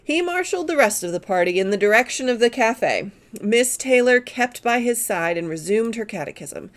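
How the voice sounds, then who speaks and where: A woman reading a novel aloud with expressive storytelling while she knits. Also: fairly high pitch, normal speed, few pauses. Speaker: reader and knitter.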